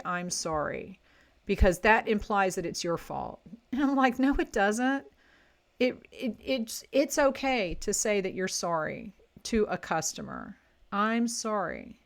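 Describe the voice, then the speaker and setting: A woman's voice: medium pitch, expressive, unhurried. A woman giving plainspoken, chatty advice to online sellers, talking casually to camera and often correcting herself mid-sentence. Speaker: online selling coach.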